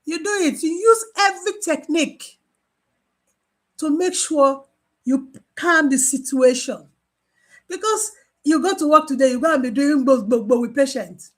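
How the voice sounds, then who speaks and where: A woman gives an informal training talk as a mental health nurse. She is animated, repeats key phrases for emphasis, and acts out her exchanges with patients. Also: high-pitched, unhurried.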